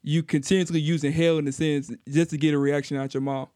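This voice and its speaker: A man's voice: little pitch movement, fast, warm tone, clear, resonant tone, no echo, studio quality. A young man co-hosting a podcast, telling stories in a laid-back casual way. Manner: laid-back storytelling, acts out quotes in a higher voice. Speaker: podcast co-host. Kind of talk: casual chat.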